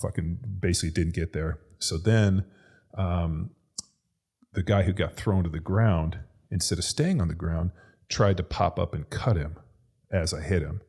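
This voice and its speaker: Deep-voiced man telling a profane story. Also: moderate pace, darkish tone, husky. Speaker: podcast co-host, former NFL lineman. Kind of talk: casual storytelling chat.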